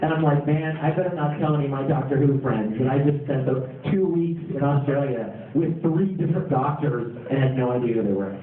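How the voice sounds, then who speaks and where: A man on a convention panel, telling lively stories and acting out quotes and yells for the audience. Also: mid-range voice, brisk, hardly any pauses. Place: large convention hall. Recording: echoey, tinny, from far, noisy crowd. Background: crowd noise.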